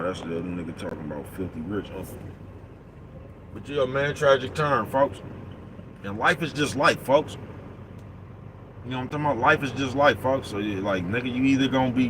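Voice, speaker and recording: A man rolls down the road in his big rig, talking at a middle pitch in a loose, profane, streetwise monologue to his viewers. He keeps checking that they follow him, and the steady rumble of the truck and traffic sits clearly under his voice. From East Oakland, California. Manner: streetwise, profane, keeps asking "you know what I'm talking about". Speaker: truck driver vlogger. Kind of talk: casual vlog monologue answering comments. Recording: road and engine noise from a truck cab. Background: traffic and vehicle noise.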